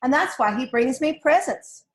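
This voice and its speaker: A woman's voice: high-pitched, animated, moderate pace, voice pushed up. A woman voicing an earnest, stubborn little girl who befriends a crow, in a storybook read-aloud. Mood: insistent. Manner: bright, insistent, earnest.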